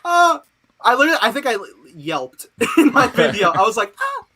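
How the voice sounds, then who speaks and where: Young male podcast host, bright voice, excitable and laughing, swears freely. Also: very high voice, a little fast, slightly rough. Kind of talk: casual chat.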